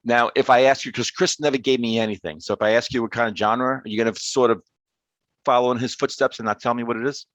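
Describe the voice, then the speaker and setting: A man's voice: medium pitch, fairly even intonation, quick pace, a bit bright, no echo. A man co-hosting a music reaction show, chatting casually and joking in a rambling way. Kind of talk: casual chat.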